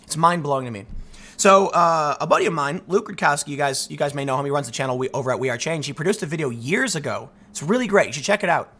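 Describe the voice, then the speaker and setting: A man hosting a commentary show, ranting to his audience in an emphatic, animated way. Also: fairly high pitch, fast talker. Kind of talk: opinion rant to camera.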